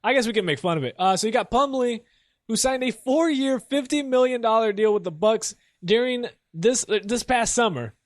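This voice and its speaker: A man's voice: extremely high pitch, expressive, moderate pace, dry recording, clean studio sound. A young man hosting a solo sports show, rambling casually and mocking himself as he rants. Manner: casual, rambling, self-mocking, laughs often. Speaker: sports podcast host.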